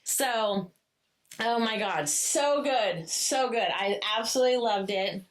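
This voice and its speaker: A woman co-hosting a podcast, chatting casually about a book, gushing and swearing freely with quick asides. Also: on the high side. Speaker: podcast co-host. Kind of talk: casual book-review chat.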